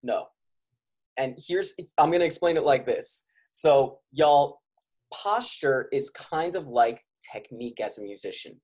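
A man's voice: mid-range voice, expressive, a little slow, a little mellow. A man who works as a physical therapist, speaking urgently and passionately as a guest on a podcast and calling out to his listeners as y'all. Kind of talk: podcast interview.

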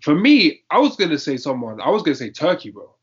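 A man's voice: a little high, very animated, quick pace, slightly rough. A young man, chatting casually about football in a slangy, emphatic way and repeating his points. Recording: dull lo-fi audio.

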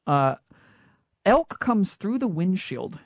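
A young man with a Utah accent, co-hosting a podcast in a casual, joking way with quick asides. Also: high voice, very animated, no echo, clean studio sound. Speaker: podcast co-host.

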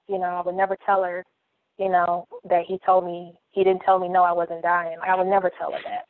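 A woman's voice: on the low side, monotone, fairly quick, dry recording. Earnest woman on a tinny line. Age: around 40. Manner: earnest, repeats phrases while thinking aloud. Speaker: guest. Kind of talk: reflective personal storytelling. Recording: tinny phone-like line, dry.

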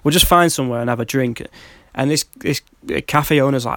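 A man's voice: mid-range voice, fairly quick, a bit bright. A man chatting casually on a podcast, telling travel stories and laughing often. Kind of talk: casual chat, anecdote telling.

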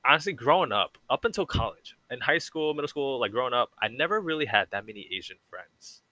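A man's voice: medium pitch, expressive, a little fast, pushed and bright, no room sound. A young man talking as a podcast guest, rambling and reflective and saying "like" a lot. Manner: rambling and reflective, heavy use of "like". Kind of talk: casual conversation.

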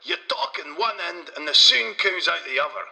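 A man's voice: sits high, big pitch swings, moderate pace, creaky, pushed and bright, big-room sound, pitched above the performer's own voice, full character voice, low-quality recording. A man voicing a crude, boastful Scottish male inventor, swaggering and vulgar in broad dialect.

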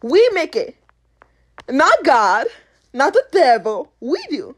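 A woman's voice: high-pitched, huge pitch swings, takes it slowly. A woman hosting her own podcast, giving a blunt, profane motivational rant with bursts of laughter. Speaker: podcast host.

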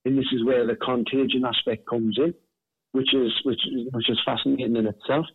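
A man tells a ghost story, his husky voice coming down a thin, tinny phone line with no room sound around it. He talks in an animated way, stumbling over and repeating words as he gets into it. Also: medium pitch, fairly quick, no echo. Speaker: author and paranormal investigator, guest. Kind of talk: conversational storytelling.

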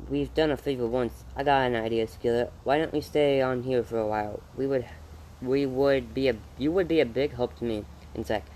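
A man's voice: medium pitch, a little fast, darkish tone, a little hiss or hum, lightly acted, low-quality recording. A man voicing a kind, practical frontier father who talks plainly and welcomingly.

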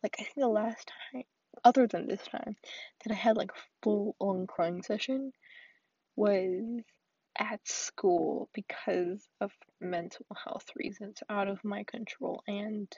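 A woman's voice: mid-range voice, slow, gravelly, mellow, husky, dry recording, highs cut off. A young woman venting in a solo vlog, rambling with lots of fillers and often dropping to a whisper. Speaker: vlogger. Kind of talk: solo confessional vent.

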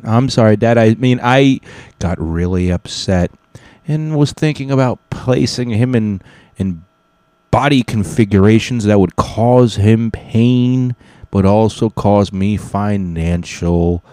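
A man's voice: fairly low pitch, slow pace, mellow, no echo. A young man telling a comic story casually, rambling and swearing freely, often correcting himself mid-sentence. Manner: rambling, profane, self-correcting.

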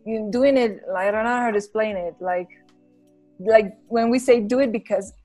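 A woman's voice: a little high, moderate pace, warm tone, faint music behind. A woman, a podcast guest in casual chat who laughs often and talks in loose, restarting phrases. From Bolivia. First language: Spanish. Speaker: podcast guest, English school founder.

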